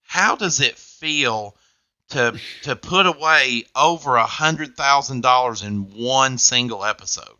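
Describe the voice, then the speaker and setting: Bright, upbeat game show host man. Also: mid-range voice, a little slow, dry recording. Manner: upbeat, jokey patter.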